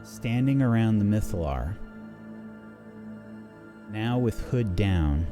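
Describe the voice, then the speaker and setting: A man narrating as the game master of a tabletop game, in halting, measured narration. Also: lowish voice, expressive, music in the background.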